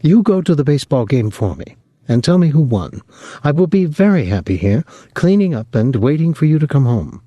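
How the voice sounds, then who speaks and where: A man reading the part of a placid young housemaid with a light French-Canadian accent, speaking low and evenly. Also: no echo, lo-fi sound. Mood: gentle. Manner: low, even, unhurried.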